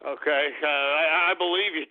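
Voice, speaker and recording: Exasperated high-voiced male radio host. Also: steady tone, moderate pace. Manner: exasperated, swearing, breaks into laughter. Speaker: radio call-in show host. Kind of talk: call-in radio talk. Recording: tinny phone-like radio audio.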